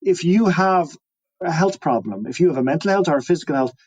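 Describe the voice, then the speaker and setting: A man's voice: a little high, lively intonation, fairly quick, a little mellow, highs cut off. A man talking as an interview guest, musing and reflective, often restarting his sentences. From Ireland. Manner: musing, many restarts and trailing phrases.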